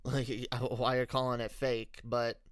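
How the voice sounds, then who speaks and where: A man's voice: mid-range voice, little pitch movement, takes it slowly, fairly bright tone, clean tone, no echo, clean studio sound. A man streamer talking frankly in a casual personal story, profane, with many restarts.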